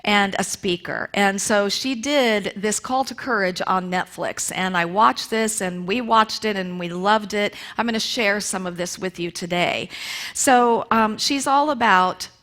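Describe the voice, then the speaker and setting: Woman giving an animated sermon. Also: mid-range voice, measured pace. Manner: animated storytelling, acting out quotes. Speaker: speaker at a Unity church service. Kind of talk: sermon retelling a story. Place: church sanctuary.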